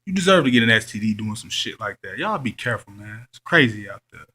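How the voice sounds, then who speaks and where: A man's voice: on the low side, big pitch swings, fast talker, pushed and bright, slightly rough. A man telling a story to camera in a blunt, profane, slangy rant. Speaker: vlogger.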